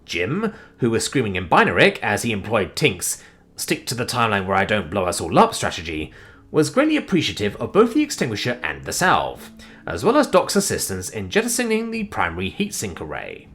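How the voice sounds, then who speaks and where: A man narrating a sci-fi war story in an animated, expressive way, with sudden swings in pitch and loudness. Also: fairly quick, soft background music.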